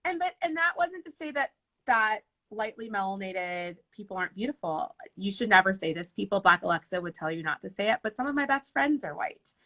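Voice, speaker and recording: A woman wedding planner chatting casually in an interview, animated and laughing as she tells stories. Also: mid-range voice, brisk, low-quality recording. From Michigan.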